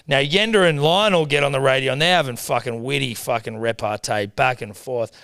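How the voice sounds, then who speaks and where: A young Australian man co-hosting a podcast, swearing freely and jumping in loudly in casual comedic chat. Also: mid-range voice, fairly quick, creaky, clear, resonant tone, dry recording, studio quality. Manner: animated, sweary, jumps in loudly. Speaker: podcast co-host.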